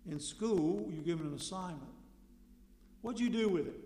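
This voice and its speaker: A man preaching a sermon in a conversational way, asking rhetorical questions and suddenly getting loud for emphasis. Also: high-pitched, normal speed, pauses often. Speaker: pastor. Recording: echoey hall with long reverb.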